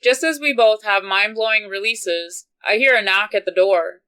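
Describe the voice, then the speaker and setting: A woman reading a romance novel aloud in an unhurried, even manner. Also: medium pitch, clear, resonant tone, poor audio. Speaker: audiobook reader.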